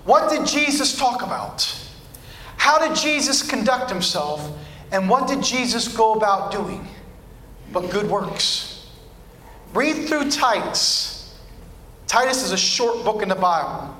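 A man preaches to his congregation, pressing his points with insistent repetition. His voice sits very high and rings bright. The sound carries the echo of a church room. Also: big pitch swings, slow, pauses often. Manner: emphatic, repetitive preaching cadence. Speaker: pastor. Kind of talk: sermon.

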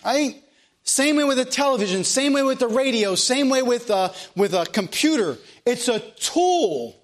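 A man's voice: very high-pitched, normal speed. A man preaching a sermon as pastor of a church, in plain country speech, asking the room question after question.

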